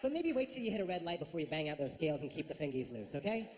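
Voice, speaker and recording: Animated female stand-up comic, noisy room. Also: low-pitched, very fast. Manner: animated storytelling with acted-out voices. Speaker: stand-up comedian. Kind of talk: stand-up comedy set.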